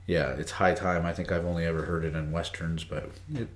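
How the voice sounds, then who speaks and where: A man's voice: low voice, little pitch movement, normal speed. A man teaching English idioms on a live stream, chatty, greeting viewers by name and reading the chat aloud. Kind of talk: casual live-stream lesson. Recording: echoey room.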